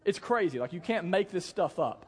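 A man's voice: high-pitched, animated, normal speed, a little mellow. A young man preaching a sermon in a church, telling the story in a casual, joking way and acting out the quotes. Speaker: pastor. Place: church hall. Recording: long hall reverb.

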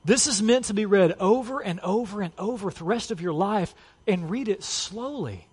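A pastor in his thirties preaches in an easygoing, conversational way, dropping in "like" and "you know" as he talks. His voice sits a little high for a man. The sound carries a long reverb from a church hall. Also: animated, moderate pace, slightly rough. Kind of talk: sermon. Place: church sanctuary.

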